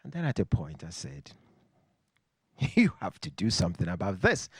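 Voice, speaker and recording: A man from Nigeria with a Nigerian accent, telling a personal story on stage to a live audience in a reflective, wry way with dramatic pauses. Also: deep voice, wildly swooping pitch, slightly rough, no echo.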